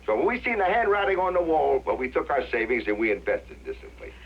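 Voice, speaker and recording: A very animated, fast, husky man's voice on the high side gives a heavily acted turn as a jolly old ex-vaudevillian farmer, once a dog act performer, tossing off folksy jokes and laughing at them himself. It's 1960s TV drama acting, with a dull lo-fi soundtrack and faint hiss.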